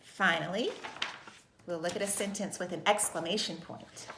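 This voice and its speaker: A woman teaching a recorded kindergarten lesson in a slow, sing-song voice with exaggerated expression. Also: fairly low pitch, reverberant, noisy background. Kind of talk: recorded video lesson for young children.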